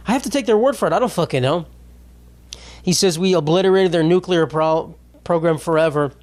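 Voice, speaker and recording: A young adult man hosting a podcast, rambling in a crude, sarcastic comedic monologue. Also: a little high. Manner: crude, sarcastic, rambling with mocking put-on voices. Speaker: podcast host.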